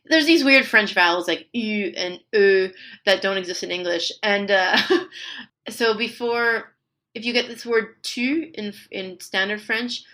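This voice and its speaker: Chatty woman with a bright voice. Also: mid-range voice, measured pace. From Canada. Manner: chatty, laughs often while explaining. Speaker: linguist guest. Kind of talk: podcast interview.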